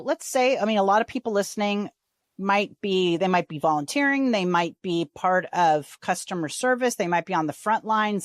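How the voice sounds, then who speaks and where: A woman hosting a podcast in casual interview chat, talking in a chatty, animated way and acting out the voices she quotes. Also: on the low side, no echo, studio quality. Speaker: podcast host.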